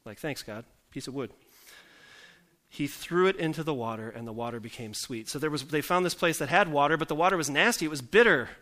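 Talking fast with few pauses, a man with a high, pushed, bright voice preaches a conversational sermon. The pastor keeps making self-deprecating jokes and asking his congregation rhetorical questions.

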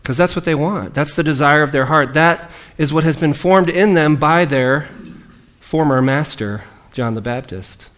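A man preaching a sermon in a relaxed, conversational way, acting out the lines of the people in his story. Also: fairly high pitch, normal speed. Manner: lively, conversational, acts out quoted lines.

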